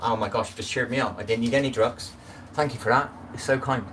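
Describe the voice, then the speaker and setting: A middle-aged man chats loosely on a live stream, drifting between asides and greeting viewers by name. He sounds set back from the phone mic, with clear background noise around him. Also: mid-range voice, a little fast, a bit bright, far from the mic. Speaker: livestream host. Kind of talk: casual live-stream chat.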